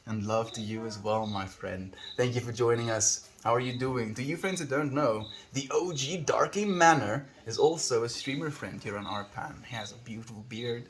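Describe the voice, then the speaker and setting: A young man in casual livestream chat, talking to his viewers in an easygoing, affectionate way and laughing often. His voice sits at an ordinary middle pitch. A faint background noise runs under the recording. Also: moderate pace, few pauses. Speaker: streamer.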